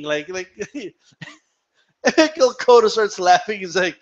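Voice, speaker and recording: A young man with a high voice and big pitch swings chats casually on a live boxing stream, speaking slowly and pausing often. He laughs a lot, swears freely, and switches to Spanish when quoting fighters, all over dull lo-fi stream audio.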